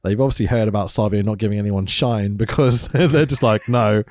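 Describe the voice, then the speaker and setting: A man's voice: fairly low pitch, a little fast, darkish tone, no room sound, clean studio sound. A man recovering from a throat infection, co-hosting a casual chat and laughing often. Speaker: podcast co-host.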